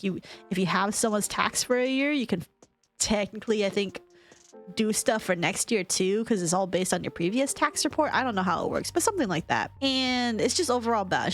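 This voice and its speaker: A young woman casually retelling gossip in a storytime vlog, chatty and profane, laughing often and full of fillers. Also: medium pitch. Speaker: vlogger.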